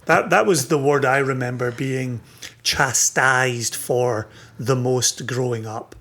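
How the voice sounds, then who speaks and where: A man from southwest Scotland with a Scottish accent softened toward American, co-hosting a casual podcast chat in a wry, teasing way. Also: mid-range voice, takes it slowly. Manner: wry, teasing, laughs often. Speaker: podcast co-host.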